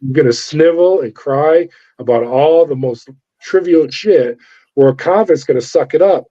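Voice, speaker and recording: A man's voice: on the high side, moderate pace, dark tone. Big-voiced storyteller man, acting out dialogue. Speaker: former corrections officer. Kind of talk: storytelling interview. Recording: dull lo-fi sound.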